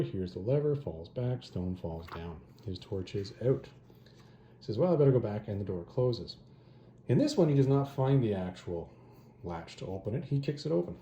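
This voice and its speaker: A man's voice: on the low side, dark tone. A man hosting a comic review channel, recapping a story in a casual, rambling way with offhand asides. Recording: echoey room with faint noise.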